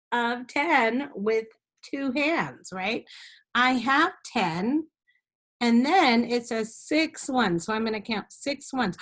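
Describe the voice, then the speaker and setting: A woman patiently teaches young children a math lesson step by step, using sing-song chants and frequent check-ins. Her voice is fairly high and a bit bright.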